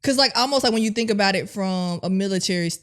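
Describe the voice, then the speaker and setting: A woman hosting a podcast, asking thoughtful questions in a relaxed chat and laughing often. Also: medium pitch, quick pace. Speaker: podcast host. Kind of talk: casual interview chat.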